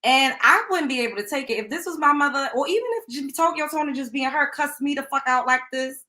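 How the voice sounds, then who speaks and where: A woman's voice: high voice, fast, sharp tone. A woman hosting a show, reacting to a clip with indignant, emphatic commentary. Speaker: show host.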